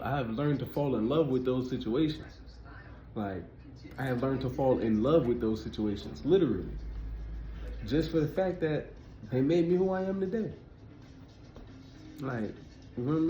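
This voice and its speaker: With a warm, medium-pitched voice, a man in his thirties offers a laid-back spiritual talk as a vlogger, often asking the listener "you feel me." The recording quality is low.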